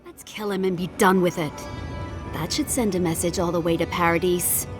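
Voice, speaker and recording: A woman's voice: fairly low pitch, fairly even intonation, normal speed, close to an everyday voice. An actress playing a fierce, hostile woman trapper in a game, curt and threatening. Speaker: game character. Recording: game audio over music.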